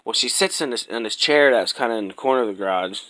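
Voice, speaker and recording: A man's voice: medium pitch, fast, fairly bright tone, dry recording, poor audio. A young man telling his own life story in casual chat, rambling and profane with many restarts, earnest and close to emotion.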